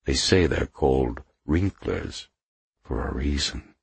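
A man's voice: a bass voice, slow, vocal fry, slightly rough, no room sound, exaggerated voice. A man voicing Mephisto, a silky hissing underground leader. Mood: hushed. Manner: suspicious, cackling, grim. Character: sly male underground community leader.

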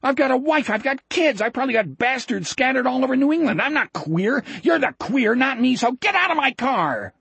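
A man's voice: very high voice, animated, fairly quick, gravelly, few pauses, a bit bright, breathy edge, no echo, voice pushed up, exaggerated voice. A man voicing a furious middle-aged driver who screams and rants in panicked denial. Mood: screaming rage.

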